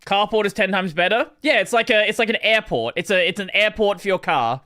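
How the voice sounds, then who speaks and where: An Australian man hosting a casual gaming stream, animated and swearing freely as he toys with pronunciations. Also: high-pitched, a little fast. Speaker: streamer host.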